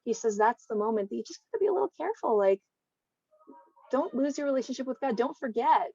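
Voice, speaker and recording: A woman guest speaker giving an online Torah talk in a lively, conversational teaching manner. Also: fairly high pitch, fast, creaky, breathy edge, no room sound. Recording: dry, slightly dull recording.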